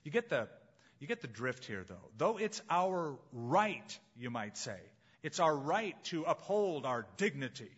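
A man's voice: fairly high pitch, big pitch swings, a bit bright, slightly rough, dull audio. Emphatic male pastor preaching. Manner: emphatic, slows down on key phrases. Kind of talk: sermon.

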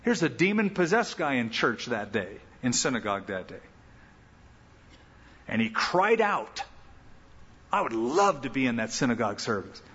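Male pastor, sermon, animated delivery, long hall reverb, dull lo-fi sound. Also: mid-range voice, normal speed, pauses often, slightly rough. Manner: animated preacher, acts out quoted lines.

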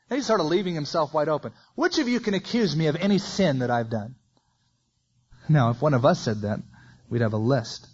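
A man's voice: fairly high pitch, lively intonation, fairly quick, darkish tone, husky, muffled recording. A man preaching a verse-by-verse sermon, reading scripture aloud with folksy asides.

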